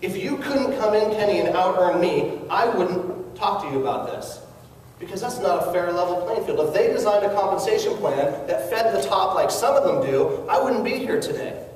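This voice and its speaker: A man with a high, animated voice speaks at a normal pace, his tone a little mellow over slight background noise. He gives an earnest, coaxing network marketing pep talk in a large hall, asking the audience questions. The recording is echoey and captured from far away.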